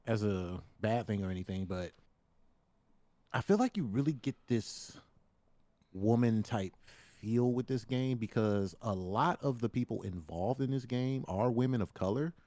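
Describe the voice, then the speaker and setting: A man's voice: on the low side, a little slow, warm tone, no echo. A man co-hosting a podcast in casual chat, blunt and laid-back, swearing offhandedly. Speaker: podcast co-host.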